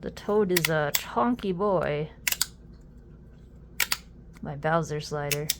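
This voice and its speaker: A young adult woman chatting casually while unboxing a fidget toy, easily amused and quick to exclaim. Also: sits low, very noisy.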